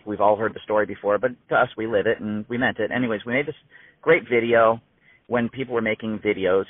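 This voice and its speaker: A man in his fifties, a musician guest telling an emphatic, animated story in casual conversation, heard over a tinny phone-like line. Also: fairly low pitch, no room sound. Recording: tinny phone-like dry sound.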